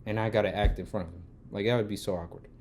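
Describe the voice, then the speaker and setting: A man's voice: lowish voice, steady tone, very fast. A man vlogging a casual storytime rant, swearing and getting heated as he tells it. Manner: heated, swearing, gets loud when retelling the argument. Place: Los Angeles.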